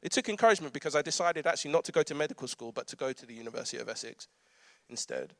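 A man's voice: fairly high pitch, expressive, very fast, fairly bright tone, dry recording, studio quality. A man, preaching a conversational sermon with humorous asides and frequent laughter. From London. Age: 30s.

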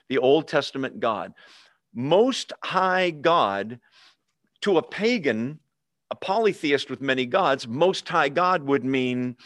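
A man's voice: fairly high pitch, a bit bright, no room sound, clean studio sound. A man preaching a sermon in a conversational teaching way, often putting questions to the congregation. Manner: asks the congregation questions, call and response. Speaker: pastor.

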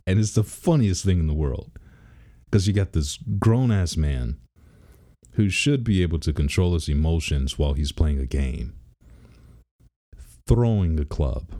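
A father in his thirties with a very deep, mellow voice and an unhurried pace. He tells stories in a rambling, easygoing way, restarting sentences often. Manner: rambling and laid-back, with frequent restarts and laughter. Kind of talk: casual personal vlog.

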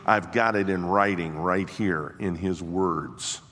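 Insistent king's messenger on an errand , played by a male preacher, slow and roomy with hall reverb. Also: low voice, voice pushed down, heavily acted. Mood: earnest. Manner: brisk, insistent, calls out loudly.

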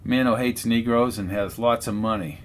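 A man voicing a gruff male henchman who brushes off questions in a blunt, offhand way. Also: mid-range voice, moderate pace, lightly acted. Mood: evasive.

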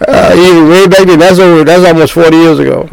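Gravelly older man preaching bluntly. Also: on the high side, steady tone, normal speed, no echo, rough recording. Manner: blunt, rambling, repeats himself. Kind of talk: sermon.

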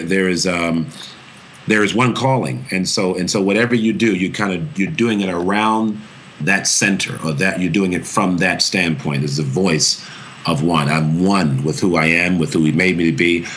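A man's voice: low-pitched, normal speed, a bit bright, slight background noise. A man, an actor, giving a thoughtful and earnest interview answer about his voice, often restarting his phrases as he searches for words.

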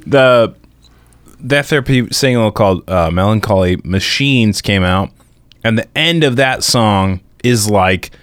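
Low-voiced dude chatting about his band, mouth full of pizza, dry close sound. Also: animated, unhurried, a bit bright, smooth, dry recording. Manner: laid-back, laughs often, many "like" fillers; talks while eating. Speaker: musician guest. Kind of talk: casual podcast chat.

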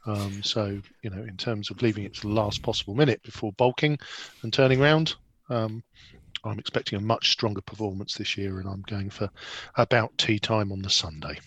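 A man's voice: fairly low pitch, moderate pace, fairly bright tone, no room sound. Wry, sardonic man. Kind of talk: casual discussion show.

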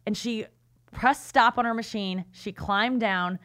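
A woman whose voice is a little high and a little slow co-hosts a podcast. In casual talk she narrates an anecdote animatedly, voicing the people in it.

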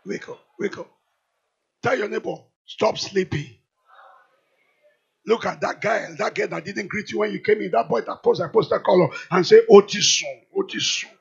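A man with a Nigerian accent preaching a sermon, moving from quiet storytelling to shouted declarations. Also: high voice, moderate pace, gravelly, husky, dull audio. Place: large church hall.

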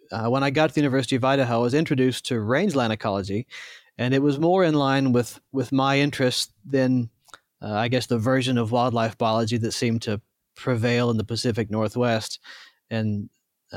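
A man with a Southern US accent from northern Arkansas, hosting a podcast interview in a thoughtful way with many pauses. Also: medium pitch, dry recording, studio quality. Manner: relaxed, thoughtful, with frequent pauses and fillers. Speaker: podcast host.

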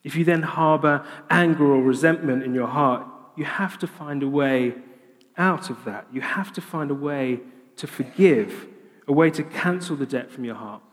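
A man preaching in a big hall, his voice ringing out with a long echo. He talks in a slightly high register and keeps it animated and humorous, slipping into playful voiced asides as he teaches. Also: moderate pace. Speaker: pastor. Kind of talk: sermon.

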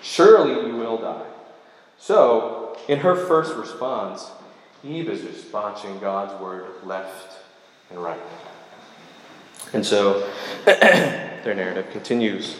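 A man's voice: fairly low pitch, animated, takes it slowly, pauses often, slight background noise. A man preaching a sermon, reading scripture verses aloud and stopping to explain them line by line. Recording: very echoey hall with long reverb.

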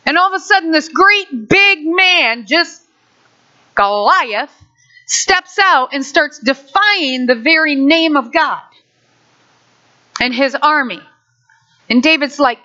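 A woman preaching in an animated way, acting out the story as she goes. Her voice sits high and bright. The recording sounds dull and lo-fi. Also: slow. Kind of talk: sermon.

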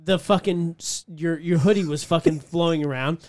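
A man's voice: a little high, normal speed, a little mellow. A man co-hosting a podcast in casual chat, joking and swearing while he chimes in. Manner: joking, profane, chimes in with short replies. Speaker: podcast co-host.

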